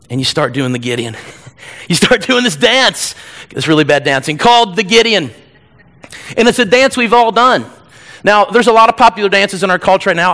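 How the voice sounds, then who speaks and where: A middle-aged man preaches a sermon to a church. His voice sits fairly high, and he keeps it animated and humorous, slipping into whiny voices to act out scenes. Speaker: pastor.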